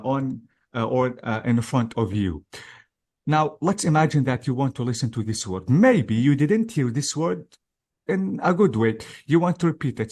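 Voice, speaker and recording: A man's voice: mid-range voice, darkish tone. Hesitant man teaching an exam lesson. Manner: patient, step-by-step explaining, many hesitations and check-ins. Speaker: English test-prep teacher. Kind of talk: explanatory lesson for exam practice.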